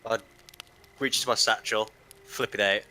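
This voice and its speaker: Male player, low and bright-edged, blunt and gruff in character. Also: steady tone, unhurried, a little hiss or hum, poor audio. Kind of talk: in-character tabletop play.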